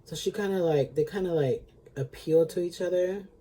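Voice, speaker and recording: A man's voice: sits high, moderate pace, warm tone. A man recapping a TV episode in a chatty, sassy way, with lots of filler words and free swearing. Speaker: beauty vlogger.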